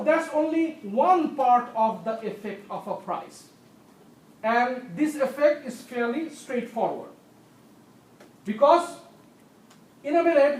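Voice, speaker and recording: An economics lecturer with a very high-pitched voice is picked up by a distant tablet screencast mic, and the room adds a roomy echo. Now and then he coughs while restating the key ideas and checking that the class is following along.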